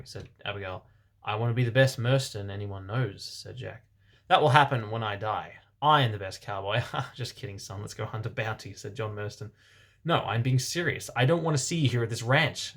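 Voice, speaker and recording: Male reader of fan fiction for laughs: deadpan delivery, dry sarcastic asides, middle pitch. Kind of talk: comedic dramatic reading.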